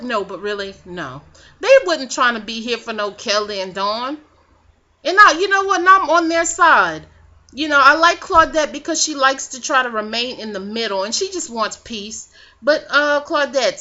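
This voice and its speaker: A woman's voice: on the high side, sharp tone. A woman vlogging a casual recap of a reality show, sassy and profane in her gossip. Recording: dull lo-fi webcam audio.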